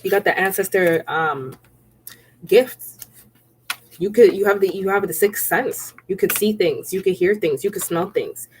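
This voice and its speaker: A woman's voice: mid-range voice, moderate pace, hardly any pauses, slight background noise. A woman giving a casual spiritual tarot reading. She talks in a chatty, repetitive way, keeps checking in with the listener and laughs often. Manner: laughs often while speaking. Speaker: tarot reader.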